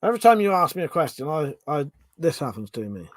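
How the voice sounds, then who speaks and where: A man's voice: a little high, sing-song, fast talker, no room sound. A man with a Home Counties English accent hosting a casual live stream, reading out chat questions, thinking aloud and swearing freely.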